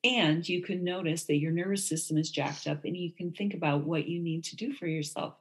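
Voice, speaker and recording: A woman co-hosting a casual conversation, telling personal stories candidly and slipping into lively quoted voices. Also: lowish voice, fairly quick. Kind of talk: casual chat.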